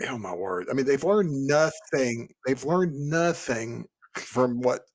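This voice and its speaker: A man co-hosting a book podcast, reacting in loose, animated chat full of restarts. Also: mid-range voice, takes it slowly. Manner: animated, rambling, many restarts. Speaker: podcast co-host. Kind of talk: casual chat.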